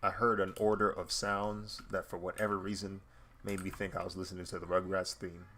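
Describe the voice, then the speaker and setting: A man's voice: low voice, flat delivery, fairly quick, bright, forceful tone, slight background noise. A man talking casually while he draws, rambling and laughing often. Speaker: artist streaming while drawing. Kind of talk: casual commentary while drawing.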